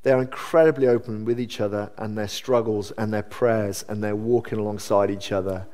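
A man preaching a sermon in a church, earnest and conversational, with sudden lively rises. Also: fairly low pitch, fairly quick. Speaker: pastor.

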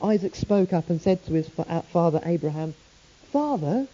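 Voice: mid-range voice, fairly even intonation, a little fast, mellow. A preacher giving a sermon, telling the story with earnest rhetorical questions, on a dull lo-fi recording.

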